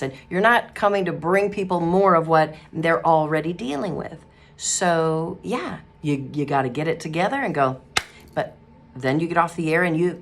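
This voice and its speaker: A middle-aged woman giving a casual devotional talk, telling a story in a chatty way with laughter and acted-out quotes. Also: deep voice. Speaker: Christian radio host and ministry speaker.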